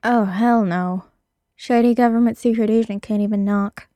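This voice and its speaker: A woman's voice: a little high, steady tone, normal speed, dark tone, no room sound, lightly acted. A woman voicing Hardison, a sarcastic, exasperated male hacker, in a read-aloud story. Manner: incredulous, complaining.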